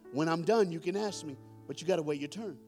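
A man voicing a tired mother who speaks softly and patiently to her young son. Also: fairly high pitch, fast, faint music behind, lightly acted.

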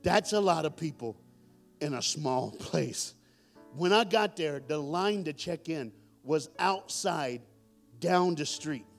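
Middle-aged male preacher, lively storytelling sermon, fairly high voice, faint music underneath. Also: slow pace. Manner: animated, joking, calls out to the audience. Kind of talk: storytelling sermon to a live congregation. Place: church hall with audience.

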